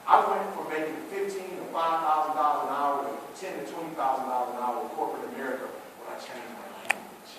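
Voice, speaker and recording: High-voiced man preaching in an echoey hall. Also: quick pace, hardly any pauses, noisy background. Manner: preachy, call-and-response, swings between loud and hushed. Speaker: motivational speaker. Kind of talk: motivational speech to students. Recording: echoey hall, mic from far off.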